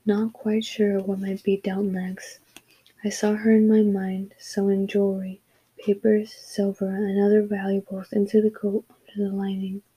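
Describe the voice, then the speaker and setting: A woman narrating a story in a steady, even reading voice. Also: medium pitch, a little slow, slightly rough, rough recording. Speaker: audiobook narrator. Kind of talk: scripted narration.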